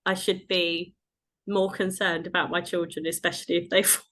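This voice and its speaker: A woman's voice: fairly low pitch, flat delivery, normal speed, a bit bright. A woman in her thirties hosting a podcast, chatting casually and laughing often as she tells family stories. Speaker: podcast host. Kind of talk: casual chat.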